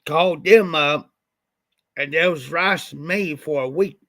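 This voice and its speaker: Man, livestream host, casual rambling storyteller, slightly congested, bright tense tone, fairly high voice. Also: a little slow, dry recording. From Ohio. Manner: rambling, repeats "I said" often. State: slightly stuffed up after the flu.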